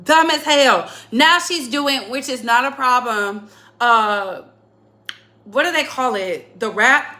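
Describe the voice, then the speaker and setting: Bright high-voiced woman host, chatty. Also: takes it slowly. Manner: laughs often, chatty and playful. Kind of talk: casual chat about music.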